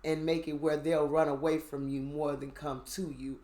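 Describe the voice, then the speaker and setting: A storyteller voicing Moses as a soft-spoken leader who talks in casual slang. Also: mid-range voice, level tone, moderate pace, lightly acted. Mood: instructing. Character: apologetic, commanding Moses giving orders. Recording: echoey room.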